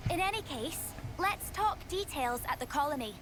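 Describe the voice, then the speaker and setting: A woman's voice: sits high, lively intonation, moderate pace, noisy background. An actress voicing a shrewd young woman leader in a video game, wry and knowing. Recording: game cutscene with loud score.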